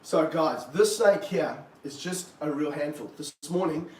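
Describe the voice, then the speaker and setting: A man with a fairly high voice talks through a live stream while handling a snake, swinging from excited bursts to low muttering. He sounds far from the mic in a roomy indoor space with a faint hum behind. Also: a little slow. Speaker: snake keeper. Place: room of snake enclosures, indoors.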